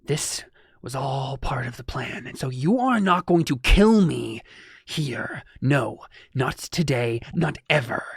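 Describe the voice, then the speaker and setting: A man voicing a menacing, arrogant male villain who delivers slow, drawn-out threats. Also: medium pitch, lively intonation, vocal fry, husky, no echo, clean studio sound, heavily acted.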